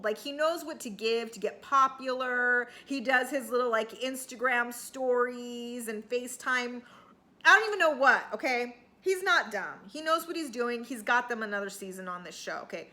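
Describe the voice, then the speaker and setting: High, bright-voiced chatty woman. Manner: chatty, sarcastic, rambling with fillers and occasional cussing. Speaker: TV recap vlogger. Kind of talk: casual reality TV recap.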